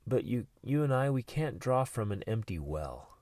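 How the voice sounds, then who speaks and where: A man's voice: mid-range voice, sing-song, normal speed, darkish tone, dry recording. A man hosting a motivational podcast, speaking earnestly and often repeating words as he starts a phrase. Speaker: podcast host.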